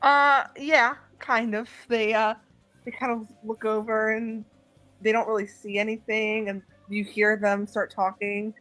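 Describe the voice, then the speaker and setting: Relaxed woman game master narrating. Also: a little high, rough recording. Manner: relaxed, unhurried with many fillers. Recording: faint background music.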